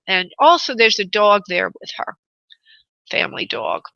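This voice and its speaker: A woman's voice: medium pitch, big pitch swings, measured pace, vocal fry, bright, forceful tone, no echo, highs cut off. A woman hosting a live radio psychic reading, tender and affectionate and calling her callers honey and sweetheart. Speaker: psychic medium and radio host.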